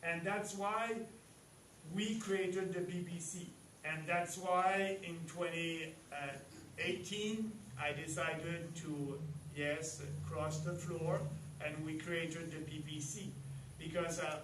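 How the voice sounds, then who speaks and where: A man with a French accent and French as his first language, giving a halting rally speech as a party leader with many pauses and emphatic rises. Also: on the high side, fairly even intonation. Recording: echoey hall, distant mic, faint noise.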